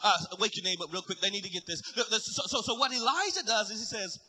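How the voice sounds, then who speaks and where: A man preaching a sermon, retelling a story dramatically and building to shouted climaxes. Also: high-pitched, animated, fast talker, slight background noise.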